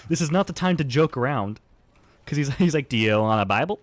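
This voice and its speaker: Young male gaming buddy, mid pitch, lively delivery, swears a lot. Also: moderate pace. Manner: profane, laughing, lively storyteller. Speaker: gaming friend. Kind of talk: casual chat while gaming.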